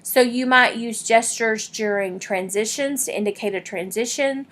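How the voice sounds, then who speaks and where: A woman's voice: on the high side, moderate pace, fairly bright tone. A woman teaching a public speaking class in a recorded lecture, explaining things plainly with frequent ums.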